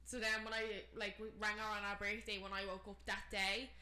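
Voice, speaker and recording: A woman's voice: medium pitch, level tone, brisk, bright, forceful tone, roomy sound. A young Irish woman with a Dublin accent, co-hosting a casual podcast and telling a long, rambling story. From Ireland. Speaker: podcast co-host. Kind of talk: casual chat.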